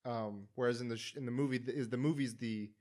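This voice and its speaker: Man, podcast host, casual chat, animated, fillers. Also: mid-range voice, quick pace. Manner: animated storyteller, acts out quotes.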